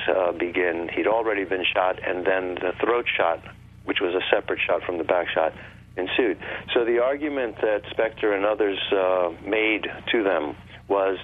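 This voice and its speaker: A man talking on a radio show, explaining at length in an insistent way over a phone line. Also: fairly low pitch. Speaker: guest. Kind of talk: radio call-in talk.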